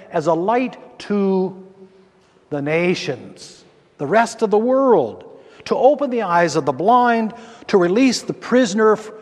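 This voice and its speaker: A man preaching a sermon as a Lutheran pastor, slow and emphatic, speaking to his congregation in a church. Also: high voice. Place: church sanctuary. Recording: long church reverb.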